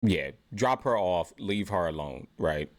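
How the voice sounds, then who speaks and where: A man's voice: sits low, lively intonation, unhurried. A man from Britain hosting a reaction channel, giving opinionated commentary in a chatty way and asking rhetorical questions. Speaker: host.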